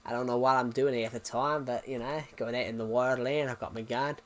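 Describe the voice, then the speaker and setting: A man's voice: mid-range voice, fairly even intonation, brisk, a bit bright, close to an everyday voice. A young man in his twenties putting on an Australian accent to play a rugged outback adventurer in a drawling, boastful way. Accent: put-on Australian. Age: 20s.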